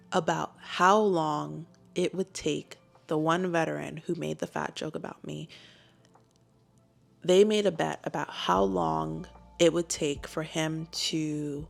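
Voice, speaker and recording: Gravelly-voiced woman telling a story. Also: low-pitched. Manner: chatty, lots of fillers, animated quoting. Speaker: clinical psychologist and YouTuber. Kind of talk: casual storytime.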